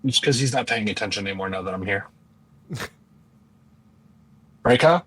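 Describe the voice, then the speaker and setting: A man's voice: lowish voice, fast, sharp tone, slightly rough, low-quality recording. A man co-hosting a casual sports podcast, arguing his point bluntly. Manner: argumentative, blunt. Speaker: podcast co-host. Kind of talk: casual chat.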